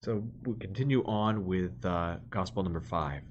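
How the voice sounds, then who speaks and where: Low-voiced man teaching scripture, lo-fi. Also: normal speed. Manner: earnest, explanatory, stresses key words. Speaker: priest leading a Bible study. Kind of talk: scripture reading with commentary. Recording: dull lo-fi recording.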